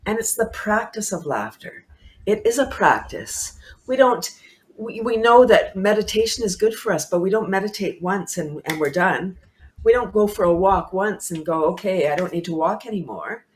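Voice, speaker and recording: A woman's voice: medium pitch, expressive, normal speed, slight background noise. A woman guest on a talk show, speaking with bubbly enthusiasm, laughing often and repeating herself for emphasis.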